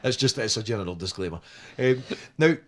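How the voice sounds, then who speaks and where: Radio host, chatty and upbeat. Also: male voice, fairly low pitch, expressive, brisk, a bit bright. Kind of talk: radio interview chat.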